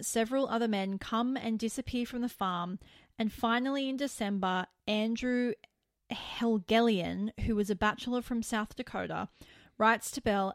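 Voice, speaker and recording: Brief: woman podcast host, casual true-crime narration, animated asides, dry close mic. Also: fairly high pitch, no echo. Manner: animated storytelling, incredulous asides.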